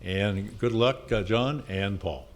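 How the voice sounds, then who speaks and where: An older man giving an earnest, measured public comment in a community hall. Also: fairly low pitch. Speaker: historical society president.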